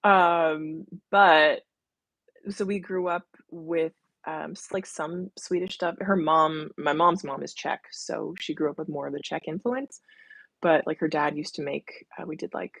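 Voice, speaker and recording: Chatty woman with a gravelly, husky voice. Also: low-pitched, fairly even intonation, unhurried, a bit bright, no echo. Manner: chatty, laughs often, reads viewer comments aloud. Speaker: live stream host. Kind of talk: casual live stream chat reading comments.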